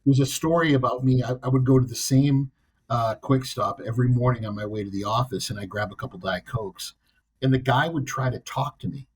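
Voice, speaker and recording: A man from the US East Coast co-hosts a podcast, telling a story in a blunt, wry, self-deprecating style during casual chat. His mid-range voice is expressive and fairly quick, with a breathy edge.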